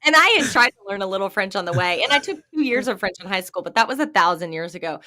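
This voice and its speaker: An animated woman co-host telling stories in easy, casual chat, with lots of laughter. Her voice is bright and forward, sitting at an ordinary pitch for a woman. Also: quick pace. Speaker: radio show co-host.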